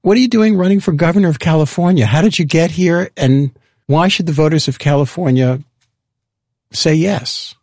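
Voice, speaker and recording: Measured man hosting a radio interview. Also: on the high side, a little mellow, no echo, clean studio sound. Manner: measured, explanatory. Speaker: radio host.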